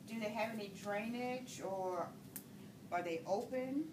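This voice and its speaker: Calm nurse instructor, distant echoey mic. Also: female voice, a little high, unhurried. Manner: calm, step-by-step instructions to a patient. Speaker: nursing instructor. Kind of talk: clinical skills demonstration. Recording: echoey room, far from the mic, noisy.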